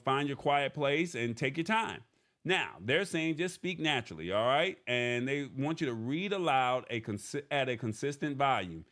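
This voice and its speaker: A man's voice: medium pitch, fairly bright tone. A man hosting a casual tech show in an ordinary mid-range voice. He paraphrases what he reads in a loose, chatty way. He keeps checking in with "all right?" after his points. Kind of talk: casual live-stream tech talk.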